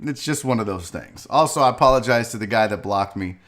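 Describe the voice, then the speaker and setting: A man's voice: on the low side, animated, fairly quick, a bit bright. A man hosting a live sports show, rambling and swearing loosely as he drinks on air. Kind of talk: loose live-stream talk.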